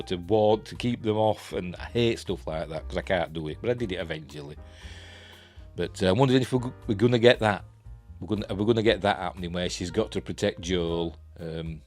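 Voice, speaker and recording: Low-voiced Yorkshire man rambling through a review. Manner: rambling, chuckling, self-deprecating, many fillers. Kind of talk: casual spoken review. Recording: faint music in the background.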